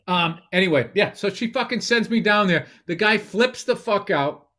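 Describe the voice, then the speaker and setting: A man with a notably high voice, riffing on a comedy podcast. He teases his co-host and tells profane, animated stories in loose, joking chat. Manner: teasing, profane, animated storyteller who acts out voices.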